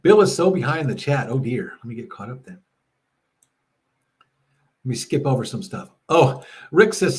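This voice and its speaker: A man's voice: mid-range voice, moderate pace, pauses often. A man hosting a live stream, chatting casually and reading out viewer comments while losing his voice. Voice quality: husky. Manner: animated, jokey, thanks viewers by name. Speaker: livestream host. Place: at his mother's house.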